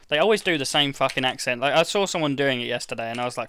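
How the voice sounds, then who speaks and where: A man's voice: mid-range voice, lively intonation, very fast, few pauses, bright, forceful tone, clean tone. A young man with an English accent, streaming a game and chatting casually with crude jokes and lots of swearing. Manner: crude, joking, swears a lot. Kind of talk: casual gameplay commentary.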